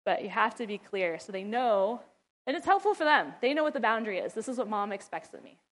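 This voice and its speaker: A woman's voice: on the high side, big pitch swings, fast. A middle-aged woman giving parenting advice in a casual talk, chatty, often laughing, and acting out how she scolds her kids. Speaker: mother and ministry wife giving parenting advice.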